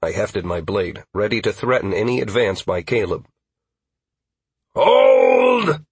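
A man narrating a fantasy audiobook in a steady, even storytelling manner on a close studio mic. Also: sits low, normal speed, slightly rough, dry recording.

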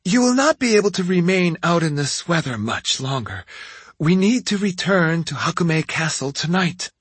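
A man's voice: a little high, very animated, normal speed, breathy edge, no echo, voice pushed up. A man voicing a loyal, formal male retainer in an audiobook. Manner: formal, polite, urging. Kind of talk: audiobook character voice.

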